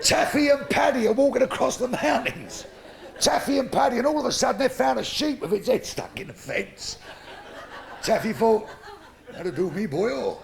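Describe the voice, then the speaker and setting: A man's voice: extremely high pitch, animated, normal speed, creaky. A man doing crude live stand-up comedy, brash and laughing at his own jokes.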